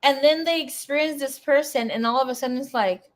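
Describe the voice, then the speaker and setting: Young woman doing a tarot reading at home, talks loose and sweary, goes loud then drops to a mumble. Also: high-pitched, a little fast. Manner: chatty, swearing, rambling asides; swings between loud bursts and quiet mumbling. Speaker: tarot reader. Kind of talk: casual live tarot reading.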